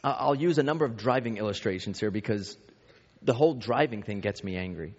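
A man's voice: fairly low pitch, expressive, brisk, slightly rough. A pastor in his thirties or forties preaching a sermon in a conversational way, telling anecdotes about his own family. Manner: conversational, with self-deprecating family anecdotes and many restarts. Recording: reverberant hall, dull lo-fi sound.

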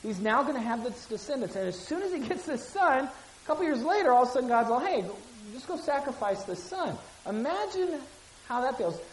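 A woman's voice: high voice, sing-song, brisk. A woman giving a conversational Bible teaching. She reads scripture aloud with acted voices, then explains it casually, asks listeners questions and repeats key phrases. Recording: echoey room with hiss.

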